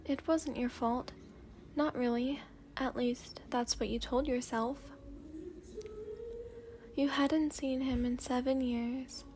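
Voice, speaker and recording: A woman reading second-person fanfiction in a slow, hushed, sleepy storytelling voice, at times dropping to a whisper. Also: high-pitched, fairly even intonation, slight background noise. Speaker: fanfiction reader.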